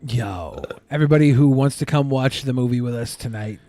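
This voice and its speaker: A man's voice: medium pitch, a little fast, no room sound. A man co-hosting a casual podcast, cracking playful jokes. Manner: playful, animated joking. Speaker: podcast co-host.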